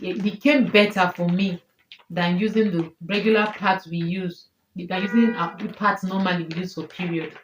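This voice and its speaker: A woman in her thirties with a Nigerian accent, talking emotionally and repeating herself as she tells viewers about her health in a personal vlog. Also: fairly low pitch. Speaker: vlogger. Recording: echoey room, faint noise.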